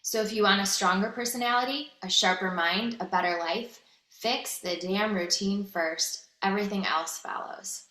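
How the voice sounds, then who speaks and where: A woman in her thirties co-hosting a casual podcast, with a bright, clear voice. She laughs easily and stays modest, shying away from swearing. The recording carries a roomy echo. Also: medium pitch, moderate pace. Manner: giggly, modest, avoids swearing. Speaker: podcast co-host. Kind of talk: casual chat and read-aloud.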